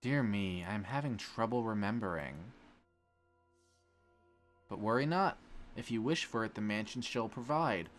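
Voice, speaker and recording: A man reading aloud the lines of a calm, courteous female mansion maid in a formal, measured way, in his own voice. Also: on the low side, soft background music. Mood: polite.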